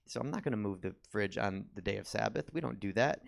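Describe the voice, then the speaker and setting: A man with a low, gravelly voice performs stand-up comedy. His delivery is rambling and self-mocking, and he slips into acted quotes as the story goes on. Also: animated, fast. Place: comedy theater stage.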